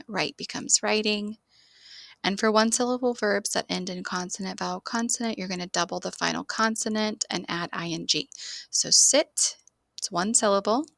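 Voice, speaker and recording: A woman's voice: medium pitch, vocal fry, a bit bright, dry recording. A woman teaching an online English grammar lesson, explaining steadily and spelling words out letter by letter.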